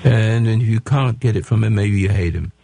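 A man's voice: lowish voice, a little fast, vocal fry, dark tone, slight background noise. A man in his eighties hosting a radio call-in advice show, lecturing his caller bluntly and restarting his sentences often. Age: 80s.

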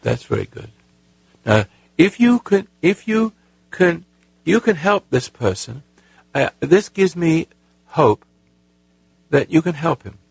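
A man hosting a call-in advice show, talking in a halting, earnest way with many repeated words and a raspy voice. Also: fairly high pitch, wildly swooping pitch, no room sound. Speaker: radio call-in host.

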